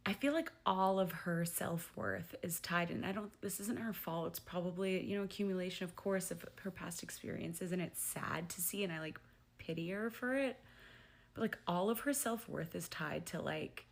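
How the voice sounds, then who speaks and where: A woman's voice: on the low side, moderate pace. A woman giving casual commentary on a reality show, hedging with lots of "like" as she lists her points. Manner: hedging, full of "like", listing points.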